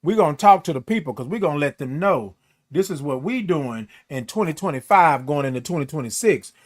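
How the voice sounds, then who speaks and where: A man hosting a casual morning livestream, animated and greeting viewers by name. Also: a little high, no echo, studio quality. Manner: animated, sings out drawn-out good mornings.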